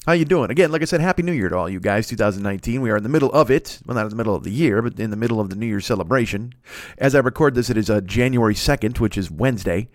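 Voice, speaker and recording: A man's voice: fairly low pitch, lively intonation, rapid-fire, no room sound, clean studio sound. Rambling, profane man hosting a podcast. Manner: rambling, profane, self-mocking. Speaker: podcast host. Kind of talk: casual solo podcast chat. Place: recording alone indoors. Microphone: studio microphone.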